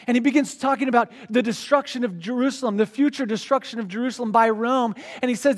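High-voiced man preaching an animated sermon. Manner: animated storytelling, reads scripture slowly then paraphrases casually; energetic, voices the crowd and the Pharisees in his retelling. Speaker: pastor.

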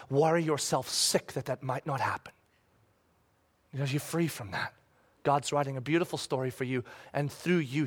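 A middle-aged man preaching a sermon, animated, swinging from soft asides to loud shouted quotes. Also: medium pitch. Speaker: pastor.

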